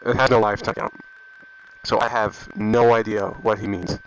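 A man's voice: medium pitch, huge pitch swings, a little fast, slight background noise. A man vlogging about gaming and reading out viewer comments, in a rambling, offhand way; he is getting sick and talks into a headset mic. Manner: rambling and offhand, with frequent restarts. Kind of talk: casual chat reading comments. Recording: dull lo-fi headset audio.

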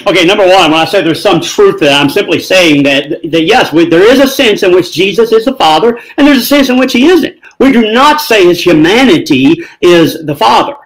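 A man's voice: high voice, animated, fairly quick, few pauses, rough recording. A man rebutting his opponent in a theological debate, dismissive and argumentative.

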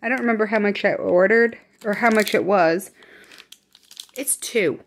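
A young Midwestern woman whispers through a casual grocery haul in her home vlog, rambling and frequently correcting herself. Her voice sits at a medium pitch and moves at a moderate pace, with slight background noise behind it.

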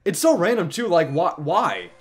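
A man's voice: high-pitched, big pitch swings, moderate pace, slightly rough, faint music behind. Playful man hosting game commentary. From Chicago. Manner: playful, laughs often. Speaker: host. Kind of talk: casual gaming commentary.

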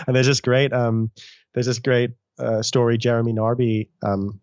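A man's voice: medium pitch, a little fast, dry recording. Man telling stories, dull audio. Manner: animated storytelling, frequent restarts, casual swearing. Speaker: guest author. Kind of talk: conversational interview.

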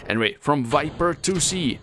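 A man's voice: fairly high pitch, lively intonation, moderate pace, fairly bright tone, slight background noise. A man giving casual, chatty gameplay commentary, laughing often as he reads viewer comments. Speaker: gaming channel host.

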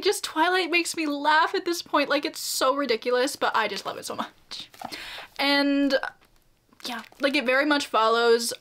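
A woman's voice: high-pitched, pushed and bright. A young woman chatting casually in a book vlog, bubbly and giggly, with lots of fillers. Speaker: book vlogger.

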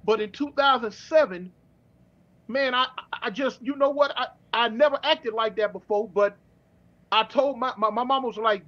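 A middle-aged man from California telling his story in casual street slang, with halting restarts, over a dull remote call. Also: extremely high pitch, sharp tone. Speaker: guest.

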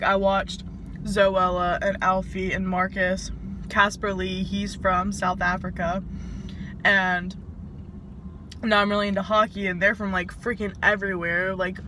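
A woman's voice: medium pitch, bright, forceful tone. Young woman, Southern US accent, casual vlog chat, says "like" a lot, car noise behind. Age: 20s. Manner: chatty, fills every pause with "like". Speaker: vlogger.

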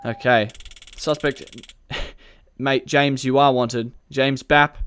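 A man's voice: medium pitch, steady tone, takes it slowly, fairly bright tone, clear, resonant tone. A man giving chatty gameplay commentary through a police roleplay, joking and laughing often and barking commands at suspects. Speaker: gaming video creator.

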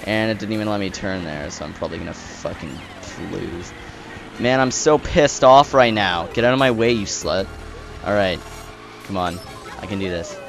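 A young man giving excited, swearing live commentary while playing a racing game, groaning and shouting at rivals. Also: fairly low pitch, normal speed, vocal fry, music in the background. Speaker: let's play gamer.

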